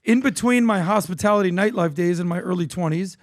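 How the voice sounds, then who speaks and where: A man's voice: sits high, a little fast, no echo, studio quality. A man in his thirties, from Florida, co-hosting a podcast and telling stories with energy, acting out the people he quotes. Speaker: podcast co-host. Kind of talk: animated storytelling chat.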